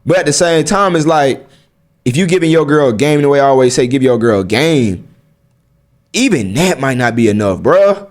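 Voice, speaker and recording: A man's voice: mid-range voice, animated, moderate pace. A young man giving blunt, slang-heavy life advice straight to his viewers, firing rhetorical questions at them. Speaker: vlogger. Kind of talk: casual advice monologue to camera.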